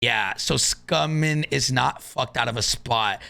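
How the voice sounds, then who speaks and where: A man with a gravelly, creaky voice hosting a laid-back gaming podcast. He reads tournament rules aloud and swears freely as he talks. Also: medium pitch, a little slow, pushed and bright. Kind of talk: casual gaming podcast chat.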